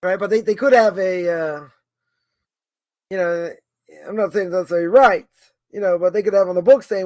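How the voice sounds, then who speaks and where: Male teacher, high voice, dry close sound, informal lecture that thinks aloud and keeps asking "right?". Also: moderate pace, pauses often, no room sound. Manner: thinking aloud, argues both sides, many repetitions and "right?". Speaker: Torah course teacher. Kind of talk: informal lecture answering a question.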